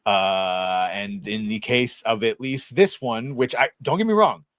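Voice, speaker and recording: A man's voice: lowish voice, a little slow, fairly bright tone, dry recording, studio quality. A man hosting a casual panel podcast, rambling through blunt movie opinions. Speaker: podcast host.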